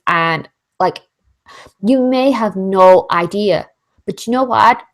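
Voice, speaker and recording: A British woman hosting a casual business Q&A, chatty and animated, full of fillers and acted-out inner voices. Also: mid-range voice, unhurried. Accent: British English. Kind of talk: casual motivational webinar talk.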